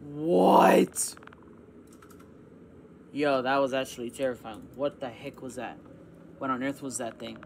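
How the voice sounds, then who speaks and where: A man doing panicky, excitable commentary as he plays a horror video game. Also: mid-range voice, a little fast, a little hiss or hum. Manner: excitable, panicky outbursts and yelling. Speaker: gaming YouTuber. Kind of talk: let's play reaction commentary.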